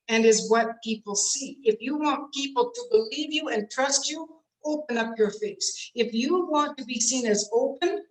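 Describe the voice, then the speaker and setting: Her voice sits a little high and has a bit of brightness as she coaches speakers during an online workshop. She demonstrates as she talks, changing her tone to illustrate examples. The audio comes from a computer mic on a video call in a home room and carries a roomy echo.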